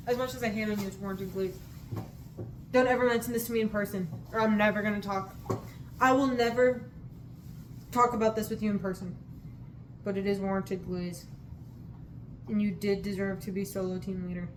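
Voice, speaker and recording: A woman's voice: mid-range voice, a bit bright, slight background noise, poor audio. A woman telling stories in a casual vlog, gushing and giggly, rambling from one thing to the next. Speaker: student and vlogger.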